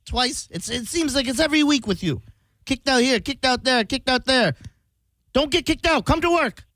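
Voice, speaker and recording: A man voicing a nagging, exasperated male boss in a pitched-up scolding tone. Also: lively intonation, quick pace, dry recording. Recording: dry close radio studio mic.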